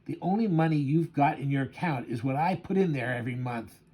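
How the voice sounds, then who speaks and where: A man's voice: medium pitch, lively intonation, fairly quick, warm tone, husky. A man reading a tough vengeful comic-book cabbie. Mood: plain.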